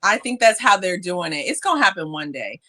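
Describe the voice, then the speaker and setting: A woman's voice: on the low side, fairly quick. A woman co-hosting a podcast, chatting casually and animatedly, acting out little quotes as she tells stories. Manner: animated storyteller, acts out quotes. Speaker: podcast co-host. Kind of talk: casual chat. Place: living in Japan.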